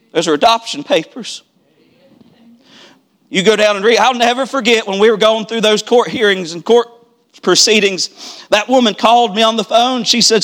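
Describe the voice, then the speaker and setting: Very high-voiced man preaching a sermon. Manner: builds from quiet storytelling to shouted preaching with repeated refrains. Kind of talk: revival sermon. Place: church service.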